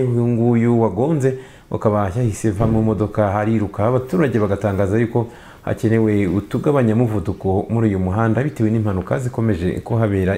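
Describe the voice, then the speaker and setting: A man anchoring the news, reading in a formal, steady manner. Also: fairly low pitch.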